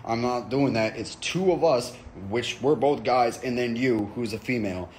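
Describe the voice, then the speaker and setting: Male storyteller, mid-pitched, slow and casual, profane comic anecdote, faint background noise. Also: a little mellow.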